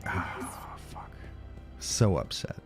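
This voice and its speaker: A man's voice: drawn-out words, soft background music. A man streaming a video game in casual live commentary, frustrated and swearing constantly, sometimes dropping to a whisper. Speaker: livestreamer playing a video game.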